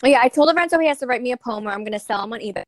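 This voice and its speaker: A woman in her thirties co-hosting a podcast, a mother who chats casually with quick, teasing reactions. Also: a little high, expressive, a little hiss or hum. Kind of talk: casual chat.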